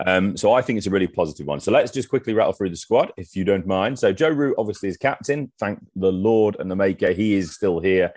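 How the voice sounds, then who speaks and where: A very deep-voiced man co-hosting a sports podcast, recorded close and dry with no room sound. He is chatty and enthusiastic, and works steadily down a list of names. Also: lively intonation, quick pace, few pauses, darkish tone, no room sound. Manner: enthusiastic, chatty, reads through lists. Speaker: podcast co-host. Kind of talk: casual sports podcast chat.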